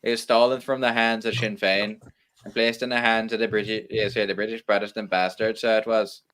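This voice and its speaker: A man's voice: lowish voice, flat delivery, brisk, a bit bright, lightly acted. A man putting on a furious Irish rebel. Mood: mock outrage. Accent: put-on Irish. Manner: exaggerated mock fury. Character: male Irish republican ranting about a stolen election.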